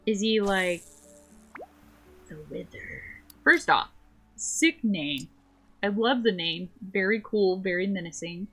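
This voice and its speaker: A woman's voice: mid-range voice, expressive, slow, long pauses, fairly bright tone, slightly rough, faint music behind. A woman streaming a game, chatting casually in a playful, rambling way. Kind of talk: casual gameplay chat.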